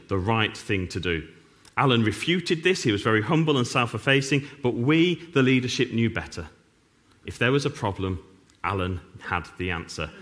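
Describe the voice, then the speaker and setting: A middle-aged man preaching a sermon as pastor, animated and full of dry, self-mocking humor. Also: fairly low pitch. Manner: wry, self-mocking humor with sarcastic asides.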